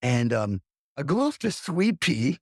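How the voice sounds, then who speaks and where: A man hosting a casual chat, an animated storyteller who acts out quotes. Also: medium pitch, a little slow, creaky, no room sound, studio quality. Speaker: podcast host, drummer.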